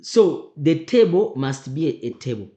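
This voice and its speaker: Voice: medium pitch, very animated, unhurried, dark tone. A teacher going through exam questions, emphatic and often repeating questions back to the class. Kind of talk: exam revision lesson. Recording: roomy echo.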